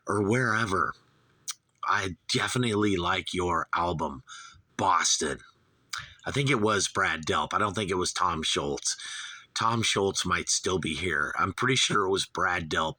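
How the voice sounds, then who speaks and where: A man's voice: deep voice, bright, forceful tone, no room sound. A man in his fifties from Southern California, hosting a rambling, profane, gushing album review. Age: 50s. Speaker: host.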